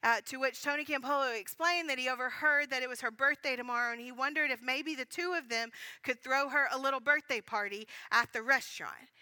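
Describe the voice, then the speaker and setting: A woman preaches a sermon with a bright, fairly high voice, telling a story in an earnest, animated way and restarting her sentences often. The sound is close and dry, with almost no room echo. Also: fairly quick, hardly any pauses.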